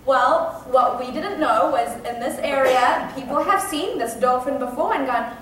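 A woman preaching a sermon, telling a personal story with animated shifts from hushed suspense to high excited outbursts. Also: measured pace, few pauses, slight background noise. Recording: echoey hall, voice from a distance.

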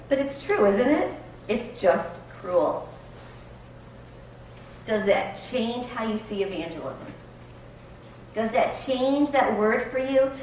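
A woman's voice: medium pitch, a little hiss or hum. A woman leading a women's Bible study, talking earnestly and emphatically, with many rhetorical questions. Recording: very echoey room, mic far off.

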